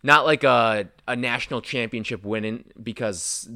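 A young man hosting a casual sports talk show, animated and excitable, his voice jumping up when he gets worked up. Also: medium pitch, normal speed, no echo, clean studio sound.

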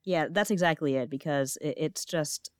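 A woman's voice: low voice, normal speed, darkish tone, no room sound, clean studio sound. Eager, talkative woman podcast guest. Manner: eager, talkative, tells long anecdotes with restarts. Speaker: guest, freelance writer. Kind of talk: casual podcast chat.

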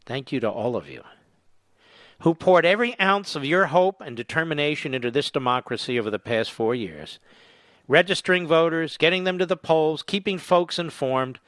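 This man's slightly high voice is animated and brisk, with no echo. As host of a political commentary show on talk radio, he reads quotes aloud and rebuts them with sarcastic, indignant jabs that rise into angry shouting.

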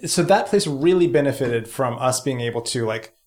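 A man's voice: mid-range voice, expressive, moderate pace, darkish tone. A man co-hosting a podcast in casual chat, rambling and joking with plenty of fillers. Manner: rambling, jokey, many fillers. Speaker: podcast co-host. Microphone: studio mic.

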